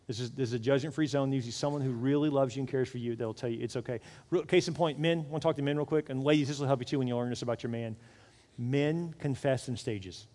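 Brief: male pastor, forties, quick and animated sermon delivery, slightly high voice, long church-hall reverb. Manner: animated, acts out quoted voices.

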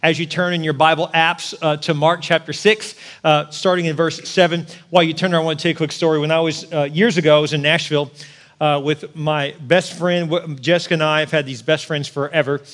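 Fast, high-voiced, animated male preacher. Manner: animated, rising to shouting at peaks; jokes with the congregation. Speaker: pastor. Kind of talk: sermon with personal stories.

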